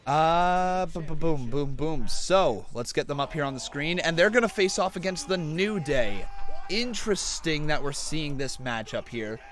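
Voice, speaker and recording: A man's voice: on the high side, animated, moderate pace, a bit bright. A man hosting a live reaction stream, chatting casually and reading out viewer donations and questions. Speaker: livestream host.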